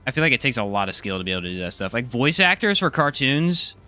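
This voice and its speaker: A man's voice: medium pitch, very animated, quick pace, pushed and bright, faint music behind. A man streaming a live game, chatting casually, joking and answering his chat. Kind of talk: casual live gameplay commentary.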